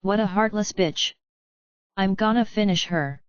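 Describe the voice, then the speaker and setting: A man's voice: sits high, unhurried, clear, resonant tone, dry recording. A woman reading Avery, a vengeful paranoid lord. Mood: furious. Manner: cursing, enraged. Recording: dull, lo-fi, dry.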